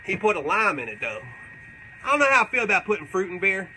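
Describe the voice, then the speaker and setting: A man's voice: sits high, sing-song, fast, bright, forceful tone, a little hiss or hum, full character voice, rough recording. A man playing a crude, boastful redneck character who rambles through tall tales and swears constantly during a comedic livestream Q&A. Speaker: comedic character answering fan questions.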